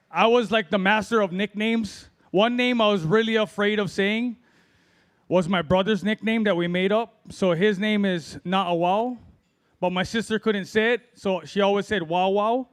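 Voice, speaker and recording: High-voiced rambling man doing stand-up. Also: a little slow, long pauses. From Hawaii. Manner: rambling, self-deprecating, loose delivery with fillers. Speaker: amateur stand-up comic. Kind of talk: open-mic stand-up set.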